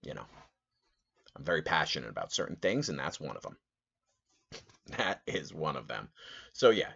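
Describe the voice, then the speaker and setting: A man with a very deep voice tells a casual podcast story, rambling and animated, with plenty of "like" and "uh". The sound is dull and a bit lo-fi. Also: vocal fry. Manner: rambling, animated, full of fillers. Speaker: podcast host.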